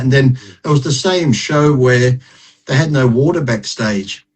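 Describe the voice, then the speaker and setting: A man's voice: medium pitch, unhurried, slightly rough, poor audio. A middle-aged man, telling stories in a blunt, profane, self-mocking way as a podcast guest. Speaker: podcast guest, retired bodybuilder. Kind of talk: casual interview storytelling.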